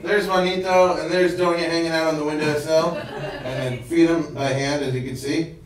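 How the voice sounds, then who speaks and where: A man's voice: a little high, steady tone, normal speed, crowd noise. An American man doing stand-up, telling a story in a chatty way and chuckling at his own jokes. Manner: chatty, laughs at own jokes, small restarts. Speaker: stand-up comedian. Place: event hall with live audience. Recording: echoey hall, distant mic, audience laughter.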